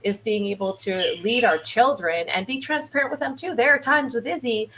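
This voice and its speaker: A woman's voice: a little high, moderate pace, fairly bright tone, low-quality recording. Earnest woman telling personal stories. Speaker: guest on a live-streamed talk show. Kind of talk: casual conversation. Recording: faint background noise.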